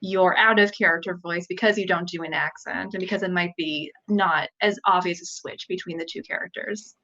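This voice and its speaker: Brief: female podcast host, inquisitive and upbeat, mid-pitched, lo-fi audio. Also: normal speed, sharp tone. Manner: inquisitive, asks follow-up questions, upbeat. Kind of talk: casual podcast chat. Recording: dull lo-fi sound.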